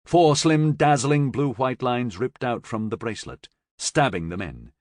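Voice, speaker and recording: A man narrating a science fiction audiobook with expressive, dramatic storytelling on a close mic. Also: medium pitch, unhurried, no room sound. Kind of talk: scripted narration.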